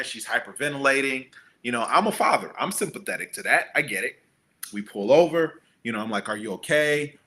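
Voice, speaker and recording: A middle-aged man, a guest entrepreneur, telling stories in a casual interview and acting out the people he quotes. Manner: animated, acts out quotes with big pitch jumps.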